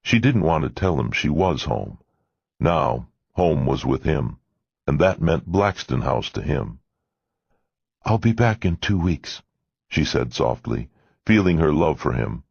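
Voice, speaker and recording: A man narrating an audiobook in a measured, expressive reading. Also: rumbling low, creaky, slightly rough, dry recording. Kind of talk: scripted narration. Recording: dull lo-fi dry recording.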